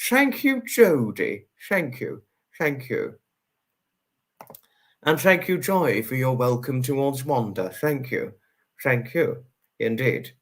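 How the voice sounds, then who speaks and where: A man hosts a live stream and reads out his chat, greeting and thanking each viewer in turn. His voice sits at an ordinary medium pitch. He is effusive and repeats himself, slowing down to linger on people's names. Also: expressive. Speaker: livestream host.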